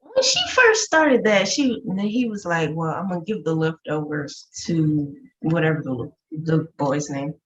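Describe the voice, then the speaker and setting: A woman's voice: sits low, very animated, measured pace, highs cut off. A woman co-hosting a casual TV review chat, throwing in wry, teasing remarks. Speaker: co-host.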